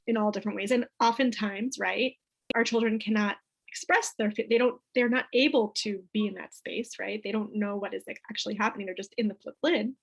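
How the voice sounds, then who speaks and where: A woman's voice: mid-range voice, a little fast, gravelly, husky, rough recording. A woman leading a parenting workshop for a group, chatty and peppering her talk with "right?". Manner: chatty, keeps asking "right?".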